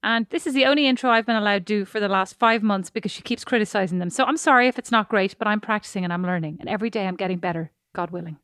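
A woman's voice: mid-range voice, very fast, few pauses, a bit bright, smooth, no echo, studio quality. Chatty Irish woman co-hosting a podcast. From Ireland. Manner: chatty, laughs easily. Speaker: podcast co-host. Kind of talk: casual chat.

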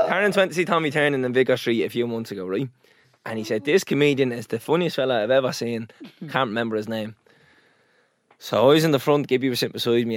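A man's voice: mid-range voice, dry recording, studio quality. A man, a podcast co-host, telling stories in casual chat and laughing often. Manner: animated storytelling with laughter.

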